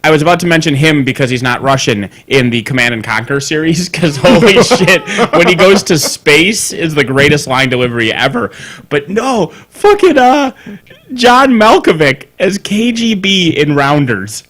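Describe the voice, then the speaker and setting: A man co-hosting a casual podcast, animated, swearing freely and laughing often as he talks. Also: fairly high pitch, moderate pace. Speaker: podcast co-host. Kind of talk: casual chat. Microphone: studio mic on a live stream.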